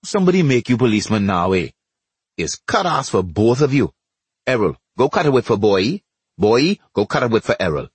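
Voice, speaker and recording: A man voicing a bossy, sarcastic Trinidadian neighbor who scolds loudly. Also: medium pitch, sing-song, brisk, slightly rough, dry recording. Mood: scolding. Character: gruff, loud grown man, bossy neighbor.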